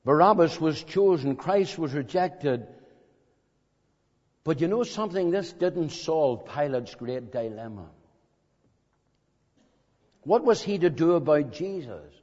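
A man preaching an evangelistic sermon in a meeting hall, slow and dramatic, pressing his listeners with emphatic questions. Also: a little high, animated, a little mellow. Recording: dull lo-fi recording in a reverberant hall.

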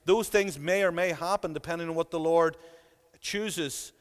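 An earnest man delivers a sermon, pressing his points home through emphatic repetition. His voice sits high for a man. A long reverb from the church hall trails behind every phrase. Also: moderate pace, smooth. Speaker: preacher.

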